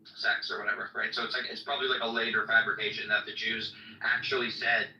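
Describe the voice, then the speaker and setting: A man argues his point in a crowded online debate room, talking in loose, rambling bursts full of fillers. His voice is bright and edgy, and it comes through distant and echoey on lo-fi audio. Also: on the low side, flat delivery, fast. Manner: rambling, argumentative, many fillers.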